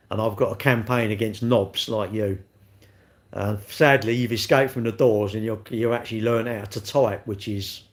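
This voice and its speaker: A man, hosting a casual livestream, rambling and joking at himself as he answers viewers' comments and laughs often. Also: on the low side. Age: 60s. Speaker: livestream host.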